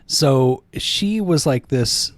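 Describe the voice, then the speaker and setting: A man's voice: medium pitch, animated, drawn-out words, dry recording. A man co-hosting a podcast in casual chat, chatty and self-mocking with some swearing. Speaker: podcast co-host.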